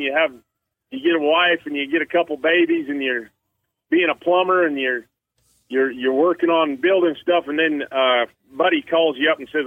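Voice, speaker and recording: A man's voice: on the high side, dry recording. A man in his fifties from Utah, a champion elk caller and radio guest, telling rambling folksy stories over the phone. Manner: folksy, rambling anecdotes with quoted voices. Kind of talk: casual storytelling on a radio show. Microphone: phone call. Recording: tinny phone line.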